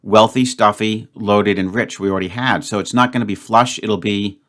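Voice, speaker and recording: A man's voice: on the low side, steady tone, normal speed, fairly bright tone. A man hosting his own puzzle channel, thinking aloud as he solves a word game and grumbling at himself. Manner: thinks aloud, frustrated, muttering self-talk. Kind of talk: solo puzzle-solving commentary.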